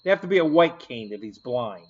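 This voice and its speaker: A man hosts a casual live stream, joking back at his chat and laughing often. His voice rises and falls a lot and sits a little high. The stream audio is dull and lo-fi. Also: sing-song, brisk.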